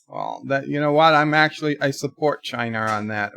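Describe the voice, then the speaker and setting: A man's voice: on the high side, lively intonation, normal speed, few pauses, bright, forceful tone, dry recording. A man hosting a livestream in casual chat, reading out donations and viewer comments with wry, rambling remarks. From United States.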